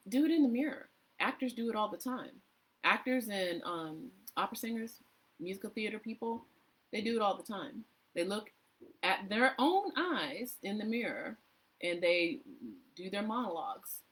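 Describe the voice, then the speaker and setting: A woman's voice: mid-range voice, a bit bright. A woman voice coach giving tips in a casual live online session, chatty, laughing often and acting out little voices.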